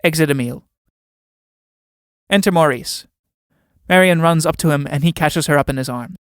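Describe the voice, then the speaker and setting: A man's voice: a little high, normal speed, fairly bright tone, clear, resonant tone, no room sound, clean studio sound. A man reading a play aloud, giving the stage directions plainly. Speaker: reader.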